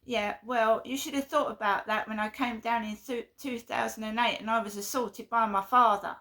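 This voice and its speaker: Woman vlogger, gravelly and bright, emphatic, aggrieved venting monologue. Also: fairly high pitch, fairly even intonation, normal speed.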